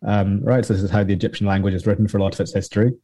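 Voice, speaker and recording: A man answering as an academic guest in an interview, explaining at length with frequent pauses and restarts. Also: fairly low pitch, level tone, warm tone, no room sound. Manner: explanatory, many ums and restarts.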